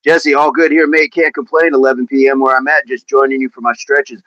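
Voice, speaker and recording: A man's voice: mid-range voice, little pitch movement, fairly quick, a bit bright. A chatty man hosts a daily fitness livestream, reading viewer comments aloud as he stretches. His voice sits in an ordinary middle range. The sound is dull and lo-fi, with no room echo. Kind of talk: casual livestream chat while stretching.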